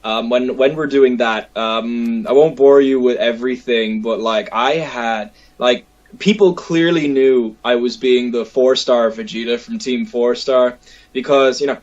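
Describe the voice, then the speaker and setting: A man hosting a casual chat, telling stories in an animated way with lots of fillers. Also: mid-range voice, unhurried, dull audio. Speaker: podcast host.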